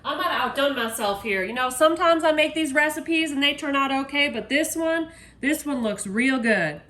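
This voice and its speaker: Excitable woman cooking, high voice. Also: moderate pace. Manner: chatty, excitable, addresses viewers as y'all. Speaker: home cook showing desserts. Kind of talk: casual cooking video. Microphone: phone.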